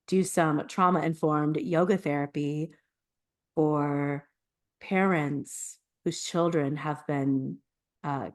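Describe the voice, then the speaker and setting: A woman with a low-pitched voice talks on a podcast in a relaxed, personal way. She is animated and earnest, and she laughs often as she tells her stories. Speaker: podcast co-host. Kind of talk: casual conversational podcast chat.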